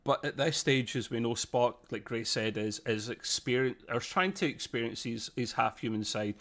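A man in a casual podcast chat recaps an episode he loved. He keeps reenacting scenes, quoting characters in raised voices and laughing along. His voice sits at an ordinary middle pitch. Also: moderate pace. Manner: animated retelling with laughs and quoted lines. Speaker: podcast co-host reviewing TV episodes.

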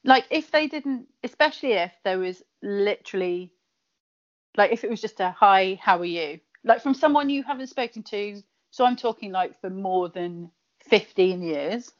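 A woman's voice: medium pitch, expressive, moderate pace. Giggly chatty woman from Kent. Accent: Kent English. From Kent, England. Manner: chatty, giggly, lots of fillers and restarts. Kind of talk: casual chat. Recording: slightly dull lo-fi audio.

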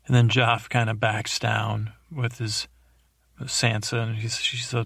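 A man's voice: mid-range voice, flat delivery, normal speed, gravelly, dry recording. A man hosting a sleep podcast, rambling and meandering through an episode recap with drowsy, self-deprecating asides. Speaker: podcast host.

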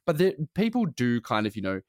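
A man chatting loosely on a podcast, his pitch rising and falling a lot. He rambles and restarts, padding his talk with fillers. The sound is dry and close. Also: sing-song, fairly quick, darkish tone, clear, resonant tone, no room sound. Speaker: podcast co-host. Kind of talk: casual chat.

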